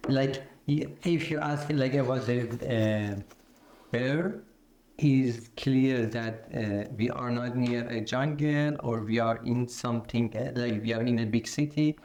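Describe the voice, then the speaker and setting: A man's voice: mid-range voice, a little slow, a little mellow. Hesitant man speaking in an echoey room. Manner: hesitant, searching for words with fillers. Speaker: student. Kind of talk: classroom discussion.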